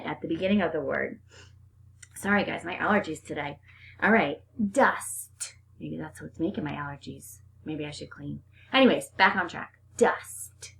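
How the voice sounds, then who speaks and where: A woman's voice: deep voice, vocal fry, a little hiss or hum. A woman teacher leading a phonics lesson for young children, upbeat and sing-song, stretching out the sounds.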